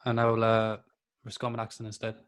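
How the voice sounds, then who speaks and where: A man's voice: fairly low pitch, monotone, a little fast, clean tone. A man co-hosting a podcast, joking in a laid-back, casual way. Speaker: podcast co-host. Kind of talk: casual banter.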